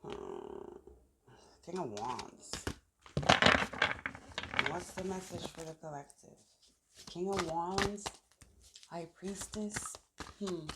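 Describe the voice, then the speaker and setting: A woman's voice: fairly low pitch, big pitch swings, extremely slow, pauses often, heavy background noise. Chatty woman reading tarot cards. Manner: chatty, thinks aloud while pulling cards. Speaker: tarot reader. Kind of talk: casual tarot reading to camera. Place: outdoors in the sun.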